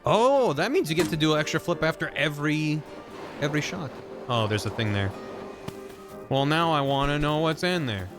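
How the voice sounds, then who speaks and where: A man's voice: on the high side, animated, moderate pace, music in the background. A man giving casual gameplay commentary as a streamer, playful and wry.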